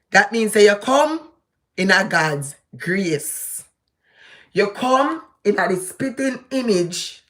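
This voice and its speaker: A woman's voice: mid-range voice, a bit bright. A woman with a Jamaican accent giving casual, preachy commentary and speaking straight to the person she addresses. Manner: preachy, emphatic, addressing someone directly. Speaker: vlogger.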